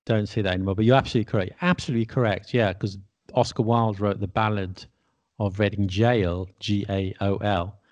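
A man's voice: on the low side, steady tone, a little fast, darkish tone, lo-fi sound. A British man in casual educational chat, explaining things wryly and spelling words out letter by letter. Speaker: podcast co-host explaining spelling.

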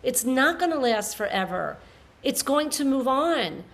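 A woman's voice: high voice, very animated, unhurried, fairly bright tone. A woman in her fifties, a podcast guest, talking earnestly and passionately in a rambling way, with restarts. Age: 50s. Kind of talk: emotional conversational interview.

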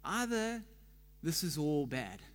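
A man's voice: a little high, very animated, slow pace. Chatty man preaching in a hall. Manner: chatty, quizzes the congregation. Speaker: pastor. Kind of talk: conversational sermon.

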